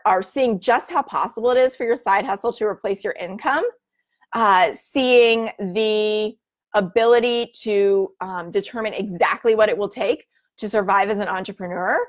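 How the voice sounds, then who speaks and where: A woman in her thirties hosts a casual live broadcast. She talks in a bubbly, chatty way, reading viewer comments aloud. Her speech is full of fillers, and her voice sits at an average pitch for a woman. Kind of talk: casual live-stream chat.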